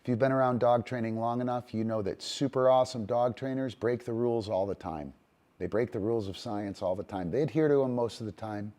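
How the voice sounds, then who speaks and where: A man's voice: mid-range voice, brisk, warm tone. A middle-aged man hosting a casual talk on dog training, rambling and emphatic, tagging "right?" onto his points and swearing casually. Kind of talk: casual monologue.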